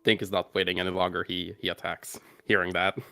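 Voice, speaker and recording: A man's voice: low-pitched, monotone, brisk, vocal fry, pushed and bright. A man playing a tabletop game, eagerly declaring his character's actions. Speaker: player.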